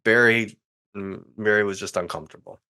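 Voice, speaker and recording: A man's voice: on the low side, fairly even intonation, fairly quick, pushed and bright, clean tone. A man guesting on a podcast, chatting casually and thinking aloud candidly. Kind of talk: casual chat.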